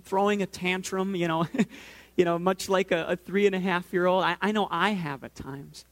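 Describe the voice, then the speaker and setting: A man's voice: high-pitched, fairly even intonation, normal speed. A man in his thirties preaching a sermon as a pastor, conversational and storytelling, addressing the congregation directly.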